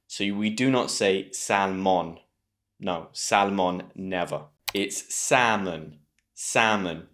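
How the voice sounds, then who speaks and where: In a scripted online lesson, a man with a British accent and a lowish, fairly bright voice teaches English pronunciation. Careful enunciation marks his delivery, and he prompts learners to repeat the words.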